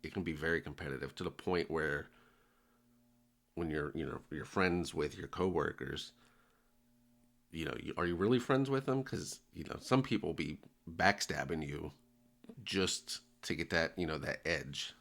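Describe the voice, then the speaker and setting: Very deep, gravelly American man. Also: normal speed, a bit bright. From United States. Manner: easygoing, chatty, with many fillers. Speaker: reaction video host. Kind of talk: casual reaction commentary.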